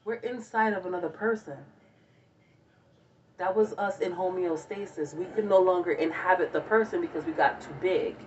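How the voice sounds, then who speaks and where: A woman co-hosting a casual podcast chat, telling stories in an animated, profane way, heard on a dull, distant lo-fi recording. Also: lowish voice, normal speed, a little hiss or hum. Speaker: podcast co-host.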